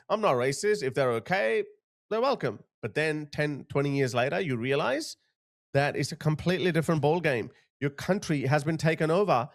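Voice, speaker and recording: A man hosting a commentary channel, talking bluntly and emphatically to his viewers as he reacts to video clips. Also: fairly high pitch.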